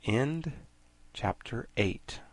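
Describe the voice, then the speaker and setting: A man narrating a children's classic for an audiobook in an expressive storytelling manner. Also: medium pitch, extremely slow. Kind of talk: scripted narration.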